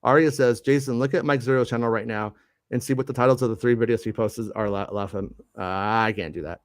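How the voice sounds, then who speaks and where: A man's voice: medium pitch, fairly even intonation, brisk, no echo, clean studio sound. Stammering man hosting a casual chat show. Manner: rambling, stammering restarts, self-deprecating. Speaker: live show host reading chat comments. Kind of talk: casual live-stream chat.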